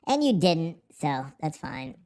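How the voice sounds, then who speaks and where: A man's voice: on the high side, very animated, a little slow, darkish tone. A man hosting a casual live stream from home, swearing freely, goofing around and answering the chat. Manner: profane, goofy, talks back to the chat. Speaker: livestream host.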